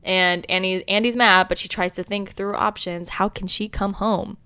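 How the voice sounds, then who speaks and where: A young woman co-hosting a podcast, chatting casually and tossing in quick, jokey reactions. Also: medium pitch, steady tone, sharp tone, clear, resonant tone, no room sound, studio quality. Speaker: podcast co-host. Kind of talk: casual chat.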